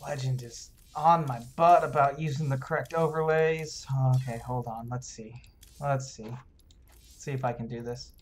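An analytical esports caster breaking down a strategy game on a live stream, speaking at a mid-range pitch. Faint hiss sits under the home mic. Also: fairly even intonation, normal speed. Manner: analytical, explains mechanics, fiddles with stream overlays.

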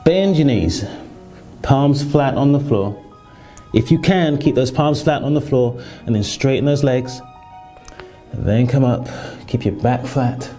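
A man leads a stretching session on the floor, speaking in a relaxed, mellow voice. He keeps checking in with his listeners as he coaches each move. Faint music plays softly behind him. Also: medium pitch, a little slow. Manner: calm and reassuring, frequent "okay?" check-ins. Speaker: fitness instructor. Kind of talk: exercise instruction.

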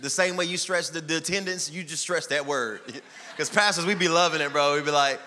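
Male pastor, bright forceful tone, fairly high voice, joking, shouts at times, church hall reverb. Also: a little fast. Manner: energetic, shouting bursts and joking asides. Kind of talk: sermon. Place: church sanctuary.

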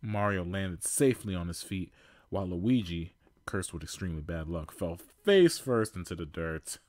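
A man's voice: deep voice, animated, moderate pace, a little mellow, no echo, studio quality. A male podcast host reading fan fiction aloud, amused, with laughing asides.

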